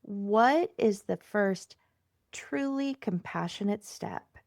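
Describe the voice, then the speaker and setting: A woman's voice: mid-range voice, expressive, slow pace, gravelly, dry recording, studio quality. A woman podcast host interviewing a guest, asking questions and affirming her answers. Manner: affirming, frequent agreement. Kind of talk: interview hosting.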